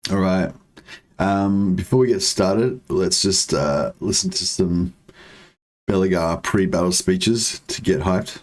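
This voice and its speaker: A man's voice: sits low, slow pace, darkish tone. An Australian man casually chatting with viewers while livestreaming a strategy game and greeting them by name. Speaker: livestreaming gamer.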